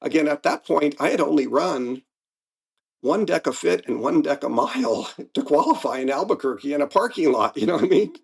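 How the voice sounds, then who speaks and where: Guest, man in his seventies: slightly high, raspy-fry voice, animated anecdotes. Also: a little fast. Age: 70s. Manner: lively storyteller, acts out race moments. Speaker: guest athlete. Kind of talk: casual interview chat.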